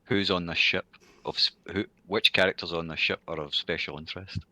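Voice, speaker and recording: A man playing a tabletop role-playing game, speaking haltingly with frequent restarts. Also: deep voice, steady tone, sharp tone, dry recording. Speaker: player.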